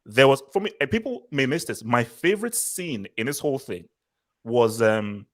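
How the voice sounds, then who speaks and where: A man's voice: mid-range voice, animated, normal speed. Opinionated man hosting a film chat. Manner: opinionated, talks in long run-on thoughts. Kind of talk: casual film review chat.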